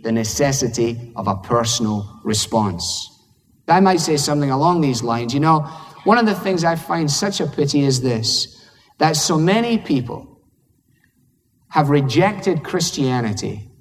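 A man's voice: mid-range voice, big-room sound. A man with a Scottish accent preaching a sermon in a conversational, humorous way, acting out little dialogues. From Scotland.

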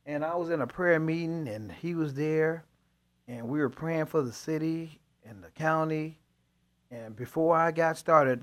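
Animated man telling testimony. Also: on the high side. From Chicago. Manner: animated storyteller, dialect grammar, laughs often. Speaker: pastor, co-host. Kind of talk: testimony in faith talk show.

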